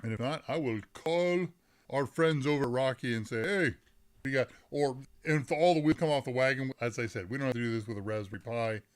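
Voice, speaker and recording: A man's voice: medium pitch, brisk. A middle-aged man hosts a live tech Q&A stream from his desk microphone. He chats casually and rambles, often breaking off mid-sentence to restart. He reads the viewers' chat aloud and laughs as he goes.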